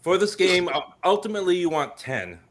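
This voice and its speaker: A man's voice: high voice, very animated, a little fast, a little hiss or hum. Hoestende man die zijn spel uitlegt. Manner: talkative, explaining, frequent restarts. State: coughing, slightly choked up. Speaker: tabletop game creator and comic author. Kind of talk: casual convention panel chat.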